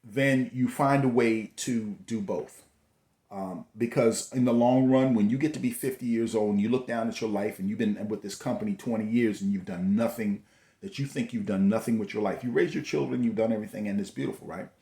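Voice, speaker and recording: Deep-ish man preaching in an echoey room. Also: fairly quick, warm tone. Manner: preachy, repetitive, rhetorical questions. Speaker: host. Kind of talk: motivational talk.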